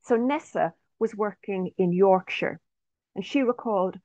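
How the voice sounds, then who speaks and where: A woman's voice: mid-range voice, measured pace, a little mellow, dry recording. A woman presenting interview research in an online talk, speaking carefully and reading participants' quotes aloud. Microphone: video call. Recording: dry, slightly dull online audio.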